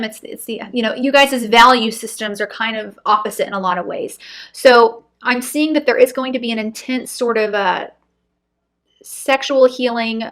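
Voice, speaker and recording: A woman giving a pick-a-card tarot reading to her viewers, earnest and reassuring, often pausing on "um" and "you know" and checking in with "okay?". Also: on the high side, a bit bright. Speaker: tarot reader.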